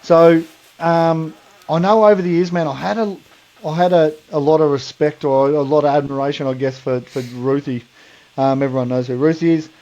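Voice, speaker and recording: A man's voice: on the high side, steady tone, moderate pace, warm tone, muffled recording. An Australian man co-hosting a podcast, telling a rambling funny story in casual mate slang and laughing along. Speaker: podcast co-host.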